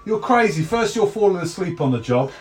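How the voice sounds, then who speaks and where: A man's voice: sits high, very animated, fairly quick, recorded from a distance, heavy background noise, pitched above the performer's own voice. A man voicing a suspicious, crude male city guard who grumbles about his post. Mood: grumbling. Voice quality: gruff, swearing.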